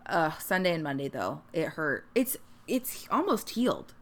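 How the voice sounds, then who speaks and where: A woman's voice: sits low, big pitch swings, normal speed. A young woman co-hosting a podcast, telling a story in casual chat and acting out the quotes. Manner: chatty storyteller, acts out quotes. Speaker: podcast co-host. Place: Northern California.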